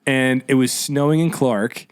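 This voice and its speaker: A man's voice: medium pitch, a little slow, smooth, no echo, clean studio sound. A young man, a podcast host telling a story in casual chat. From New Jersey. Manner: animated storytelling.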